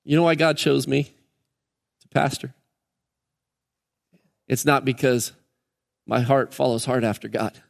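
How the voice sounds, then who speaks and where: A man's voice: medium pitch, measured pace, vocal fry, pauses often. A man preaching a Sunday sermon as pastor, earnest and emphatic, hammering key words in threes. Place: church sanctuary during a service. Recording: long reverb of a church hall.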